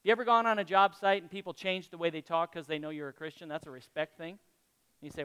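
High-voiced pastor preaching in a hall. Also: male voice, fairly even intonation, fast talker, sharp tone, smooth. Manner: conversational preaching with questions to the congregation. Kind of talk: sermon. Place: church hall with congregation.

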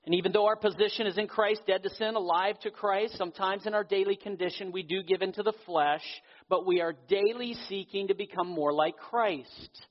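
Earnest male pastor in a reverberant hall. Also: high voice. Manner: earnest preaching, with pauses and slowed emphasis. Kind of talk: sermon. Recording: dull audio with long hall reverb.

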